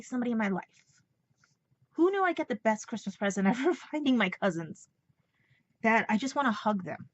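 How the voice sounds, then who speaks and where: Teary New York woman vlogging, lo-fi. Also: medium pitch. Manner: emotional, rambling, holding back tears. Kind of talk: personal vlog monologue.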